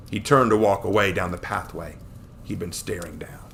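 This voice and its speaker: Male storyteller, low and gravelly but bright-toned, steady reading-aloud delivery. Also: moderate pace, a little hiss or hum. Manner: steady, plain narration.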